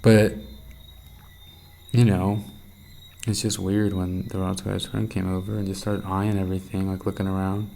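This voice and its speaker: A young man recording a candid night-time video diary, rambling and intense, swearing freely and sometimes dropping into a hushed half-whisper. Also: level tone, moderate pace, pauses often, low-quality recording. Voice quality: gravelly, low-set voice. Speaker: vlogger.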